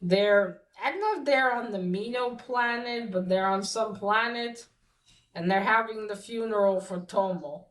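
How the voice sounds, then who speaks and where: A woman recaps a story at an unhurried pace, stopping often to search for words with many fillers. Her medium voice carries a noticeable room echo. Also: mid-range voice, fairly bright tone. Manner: hesitant, many fillers and restarts. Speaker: podcast host recapping a comic. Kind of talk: casual spoken recap. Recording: echoey room.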